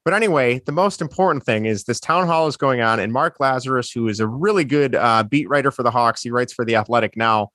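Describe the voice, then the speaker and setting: A man, co-hosting a sports podcast, telling a story with animated energy and acting out quotes. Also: mid-range voice, fast talker, hardly any pauses, no room sound, clean studio sound. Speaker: podcast co-host. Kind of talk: casual sports chat.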